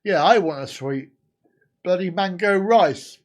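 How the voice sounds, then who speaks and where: A man's voice: high voice, measured pace. A man in his fifties from the UK, hosting a casual live stream and bantering crudely with his viewers. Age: 50s.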